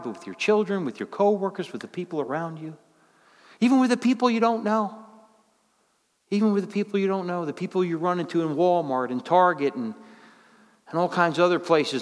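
A fairly high-voiced man preaching a folksy sermon. His voice drops low and quiet, then surges up high and loud. The sound rings with the long reverb of a church hall.

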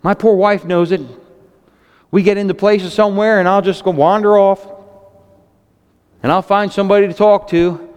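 A man in his fifties preaching a sermon with excitable storytelling, speaking. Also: moderate pace, pauses often, clean tone, big-room sound, highs cut off. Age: 50s. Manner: excitable, storytelling, animated swings in pitch.

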